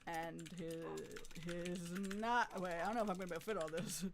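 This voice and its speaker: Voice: mid-range voice, a little fast, gravelly, background noise. A streamer giving live gameplay commentary, playfully talking with mock deference and often laughing.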